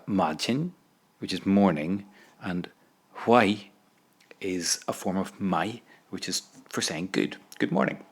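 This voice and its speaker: A man teaching an audio language lesson, patiently prompting the listener to repeat phrases. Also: low voice.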